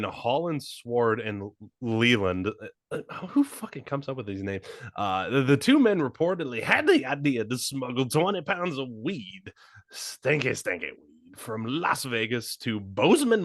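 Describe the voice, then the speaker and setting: Man, podcast co-host, lively pitch, crude jokes, dry close mic. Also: moderate pace, no room sound. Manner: animated, joking, crude. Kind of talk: casual comedy podcast chat.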